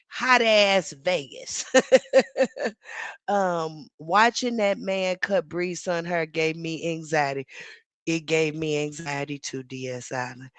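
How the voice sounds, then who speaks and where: Reading her viewers' chat out loud and answering it, a sassy woman hosts a relaxed live commentary stream, laughing often. Her voice sits fairly low, and there's no echo.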